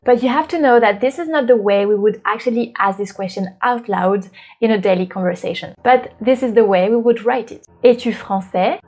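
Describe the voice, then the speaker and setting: A woman from France hosting a language lesson, explaining patiently and clearly. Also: fairly high pitch, a little mellow. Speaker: French teacher and channel host. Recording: light background music.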